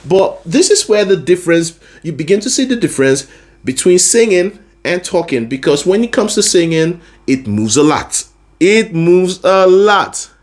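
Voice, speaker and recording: A man's voice: on the high side, sing-song, moderate pace, a little mellow. A man teaching a singing lesson, explaining vocal registers patiently and often checking that the listener is following. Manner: explains patiently, often checking in with "you see what I'm saying?". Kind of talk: vocal lesson with sung demonstrations.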